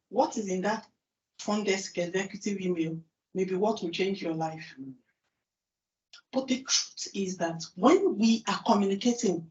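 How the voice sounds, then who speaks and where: A woman with a Nigerian accent gives a talk from a stage and keeps firing questions at the crowd. Her voice is picked up from a distance in an echoing hall. The sound is muffled and lacks crispness. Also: medium pitch. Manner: lively, asks the audience questions and answers them herself. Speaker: conference speaker. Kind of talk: conference talk. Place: large conference hall. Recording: distant, roomy, dull hall recording.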